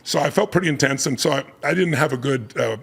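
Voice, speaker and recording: A man's voice: mid-range voice, quick pace, gravelly, a bit bright, husky. A man telling a story emphatically as a guest in a casual conversation, laughing often as he talks.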